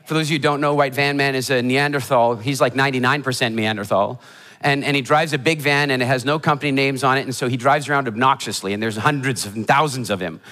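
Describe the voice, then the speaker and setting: A motivational speaker telling funny stories in a keynote talk before a live audience, animated and acting out the voices of people in his stories. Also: mid-range voice, fast. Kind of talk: humorous storytelling keynote talk. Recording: hall reverb of a live talk.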